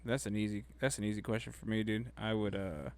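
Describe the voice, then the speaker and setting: A young man co-hosting a casual podcast chat, talking in a relaxed, laid-back way and swearing casually. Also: lowish voice, brisk. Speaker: podcast co-host.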